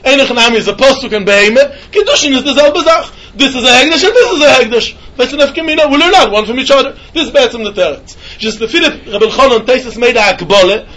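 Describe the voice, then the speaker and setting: Guy teaching talmud, real high voice, singsong yeshiva lecture vibe. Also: fast, hardly any pauses. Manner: animated singsong, mixing Yiddish and Hebrew terms.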